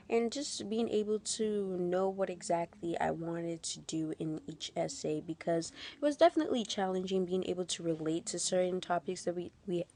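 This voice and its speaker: A woman student answers reflection questions thoughtfully. Her voice is fairly low, and her sentences often fade into soft, breathy endings.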